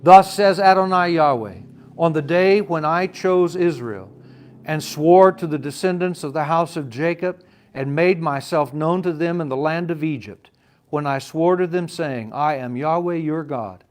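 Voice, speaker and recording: Animated man teaching Bible study. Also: a little high, unhurried. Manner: conversational, addresses listeners by name, asks questions; animated, swings loud and soft.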